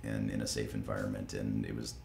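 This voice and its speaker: A man's voice: fairly quick, gravelly. A man in a casual interview, talking about his voice acting work, playful and laughing often. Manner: playful, laughs often, lively swings in pitch. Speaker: voice actor guest. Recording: echoey room with faint ambient noise.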